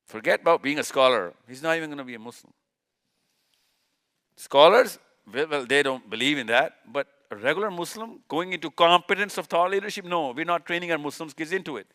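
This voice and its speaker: A man with a fairly high, bright voice lectures a live audience in an event hall. He is emphatic, pounds on repeated words, and fires off rhetorical questions that he answers himself, while clicking through slides. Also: expressive, a little fast, few pauses. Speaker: speaker.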